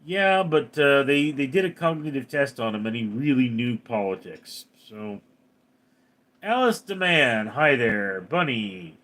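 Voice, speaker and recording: Lively, bright-voiced man joking with chat. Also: medium pitch. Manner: joking, reacting quickly to chat messages. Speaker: livestreamer reading chat. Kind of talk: casual live chat.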